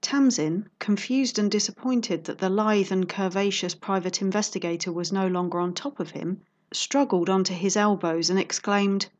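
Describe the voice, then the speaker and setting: A woman narrating a fan story in an even, measured reading voice. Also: mid-range voice. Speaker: audiobook reader.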